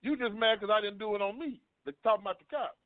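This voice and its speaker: A man with a fairly high voice tells a personal story in an earnest, repetitive way. His voice is dry and thin, as if heard over a phone line. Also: fast, dry recording. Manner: earnest, storytelling, repeats himself. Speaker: panel guest. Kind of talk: personal story on a talk panel.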